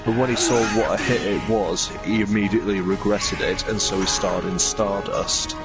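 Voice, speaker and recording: A man with a slightly low voice chats casually while he plays a game, and he pauses often to pass on bits of trivia. Game music plays clearly behind him. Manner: relaxed, trivia-sharing, halting with fillers. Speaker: gameplay commentator. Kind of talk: casual chat over gameplay.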